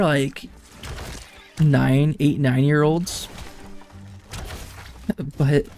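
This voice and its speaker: A man's voice: medium pitch, a little mellow. A young man and streamer telling rambling family anecdotes in casual chat, laughing often. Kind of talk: casual chat while gaming.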